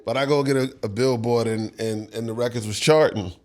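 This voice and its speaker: With fairly even intonation and a darkish tone, a middle-aged songwriter talks a little fast in a middle-range voice during a casual interview. Loose and easy, he relives the moment, laughing often and acting out others' words.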